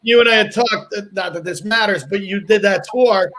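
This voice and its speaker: A man's voice: sits high, moderate pace, fairly bright tone, a little hiss or hum, low-quality recording. A man hosting a casual chat, eagerly chiming in with agreement and his own comments. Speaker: podcast host.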